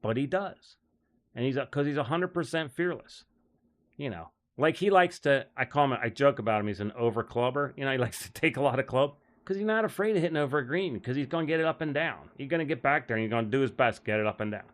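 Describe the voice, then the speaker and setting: A man of middle pitch rambles through golf stories in a loose, casual way. He stumbles over restarts, leans on fillers and chuckles now and then between thoughts. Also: fast. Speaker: golf caddie and show host.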